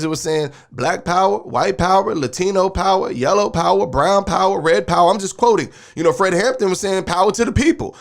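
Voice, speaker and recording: A man who is a minister hosting a commentary show, reacting to clips in an emphatic, preachy way. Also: high voice. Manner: preachy and emphatic, uses sports metaphors. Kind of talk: commentary on a video clip.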